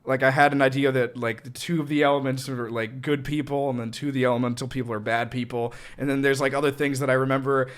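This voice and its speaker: A young man co-hosting a casual podcast, talking through an idea slowly. He hesitates and searches for words, in an average-pitched voice. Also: level tone, clear, resonant tone. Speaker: podcast co-host. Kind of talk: casual chat.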